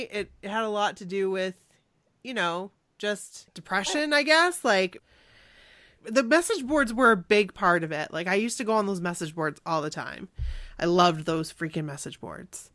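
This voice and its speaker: A woman's voice: mid-range voice, expressive, moderate pace, a bit bright, dry recording. A woman hosting a casual fan podcast, chatting candidly and reading listener stories aloud. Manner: chatty, candid, laughs easily. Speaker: podcast host.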